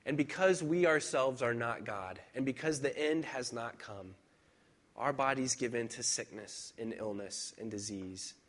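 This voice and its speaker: A man preaching a sermon as pastor, speaking in a conversational, personal way with reflective pauses and emphatic repetition. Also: medium pitch, fairly bright tone.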